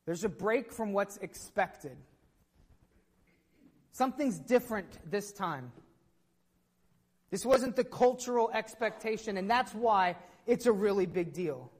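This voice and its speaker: A woman's voice: medium pitch, lively intonation, unhurried, pauses often, a little mellow, husky, long reverb tail. A woman preaching a sermon to her congregation, telling the story with energy and putting questions to the listeners.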